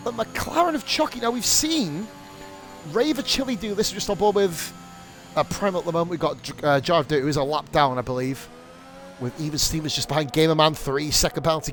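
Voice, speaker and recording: A young man calls a sim-racing league live on stream, with a noticeably high voice. He is excitable and rambling, swears freely and slips into rants between calls. Faint game music plays in the background. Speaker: league streamer and race commentator.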